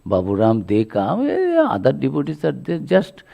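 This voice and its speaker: A man, a monk, giving a religious lecture full of stories, speaking haltingly with many fillers. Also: medium pitch, huge pitch swings, vocal fry, mellow. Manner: halting delivery, many fillers, acts out quotes.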